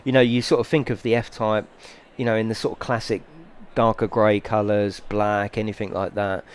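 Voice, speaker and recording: A man's voice: lowish voice, little pitch movement, normal speed, a little hiss or hum. A middle-aged British man chatting casually on a sim racing stream, a rambling, sweary storyteller who grows heated. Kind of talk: casual live-stream chat.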